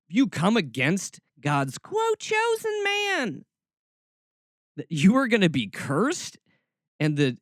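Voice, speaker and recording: Here the host's voice is on the high side, and his podcast commentary is snarky, exasperated, and animated. It's a dry recording with clean studio sound.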